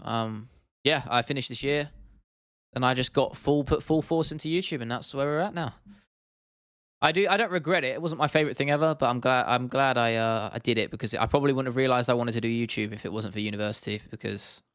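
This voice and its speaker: A man's voice: medium pitch, a bit bright, clear, resonant tone, no room sound, studio quality. A young British man in his twenties, live-streaming casually, rambling, swearing now and then and answering chat comments. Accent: British English. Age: 20s. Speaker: YouTube streamer.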